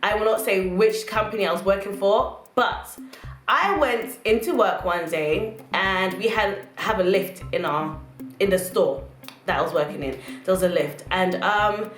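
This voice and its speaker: A young woman vents to camera in a sassy, animated way, playing out customers and bosses as she goes. Her voice sits in a middle pitch. The room is echoey, and soft music plays underneath. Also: unhurried. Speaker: vlogger. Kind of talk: casual storytelling rant to camera.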